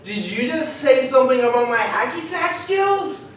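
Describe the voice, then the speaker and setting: A man playing an aggressive young hacky sack bro who keeps trying to calm himself down. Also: very high voice, slow pace, slight background noise, voice pushed up. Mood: defensive. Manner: aggressive, then talking himself down. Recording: echoey stage from far off.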